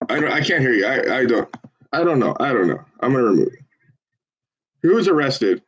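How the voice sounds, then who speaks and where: Man, campaign phone-bank volunteer; rambling, profane chat with a salesman's calling voice; mid pitch, dull lo-fi sound. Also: sing-song, brisk, long pauses, slightly rough. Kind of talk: casual livestream chat with live phone calls.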